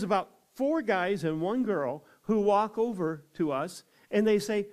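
An older man with a fairly high-pitched voice tells a personal testimony. His delivery is folksy and conversational, and he slips into the voices of the people in his story. He speaks as a chaplain sharing faith experiences. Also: lively intonation, measured pace, few pauses. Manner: folksy, acts out others' quoted words. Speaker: chaplain and evangelist.

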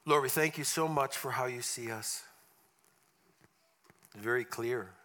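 A man delivers an earnest storytelling sermon, his tone bright and ringing. He leads the congregation into prayer with a hushed, heartfelt delivery. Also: mid-range voice, measured pace. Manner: earnest, with soft drops in prayer. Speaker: guest preacher. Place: church service room.

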